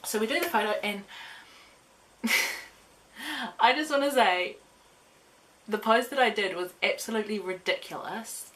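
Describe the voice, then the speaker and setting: A woman's voice: medium pitch, a little slow, long pauses. Giggly young woman, gushing. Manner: excitable and gushing, with giggles and drops to a whisper. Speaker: vlogger. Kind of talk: casual storytime vlog. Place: bedroom.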